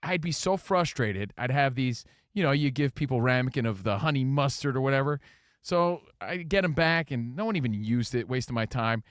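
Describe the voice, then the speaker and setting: Animated male sports radio co-host. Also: moderate pace, dry recording, studio quality. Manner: animated storyteller, acts out quotes in high voices. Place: radio studio. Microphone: studio mic.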